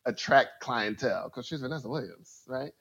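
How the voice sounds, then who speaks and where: A man's voice: medium pitch, lively intonation, normal speed, fairly bright tone, husky. A man who is a guest on a casual podcast about a film, playful and teasing, laughing often.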